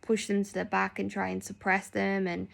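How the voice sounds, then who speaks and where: A woman's voice: medium pitch, monotone, normal speed, vocal fry. A young woman chatting casually in a vlog, rambling with lots of fillers. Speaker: nurse.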